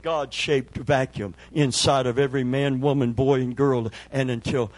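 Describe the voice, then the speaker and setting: An older man preaching a sermon as pastor, emphatic and calling for amens, with a husky voice. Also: mid-range voice, fairly even intonation, moderate pace, a little mellow, dry recording. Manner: emphatic preaching with call-and-response.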